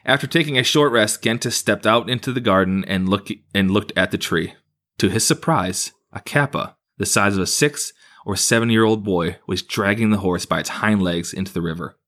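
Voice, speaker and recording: A man's voice: on the low side, normal speed, fairly bright tone. A man reading a folktale aloud to friends, with restarts and casual asides. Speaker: storyteller.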